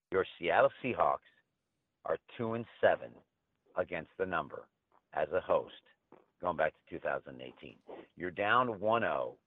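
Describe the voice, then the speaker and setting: A man's voice: sits low, no echo. A man talking sports betting in a brash, joking, trash-talking way. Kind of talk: casual betting talk. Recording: tinny phone-line sound.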